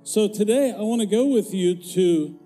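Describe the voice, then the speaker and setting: A man's voice: high-pitched, moderate pace, mellow, faint music behind. An older man preaching a folksy, joking sermon in a church, growing emphatic as he goes. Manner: folksy, jokey, grows emphatic. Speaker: former pastor, guest preacher. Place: church sanctuary.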